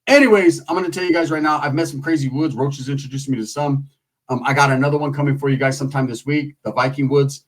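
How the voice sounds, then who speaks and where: Husky man telling stories. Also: medium pitch, steady tone, fast talker. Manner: profane, laid-back, does voices. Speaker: storyteller. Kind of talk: casual storytelling.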